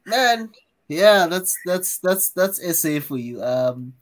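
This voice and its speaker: A man from South Africa on a podcast panel, explaining things slowly and at length with many fillers. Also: high voice, animated. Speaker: podcast host. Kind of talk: casual panel chat.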